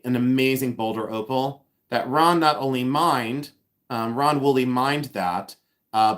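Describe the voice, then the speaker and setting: A man hosting a casual live stream, chatting excitedly, thanking viewers and thinking aloud with frequent restarts. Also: medium pitch. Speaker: livestream host and reseller.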